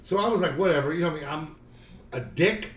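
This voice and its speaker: A man's voice: a little high, expressive, fast talker, distant mic. A middle-aged man telling a story in casual podcast chat, swearing constantly and repeating himself. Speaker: podcast co-host. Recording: roomy, from off-mic, faint background noise.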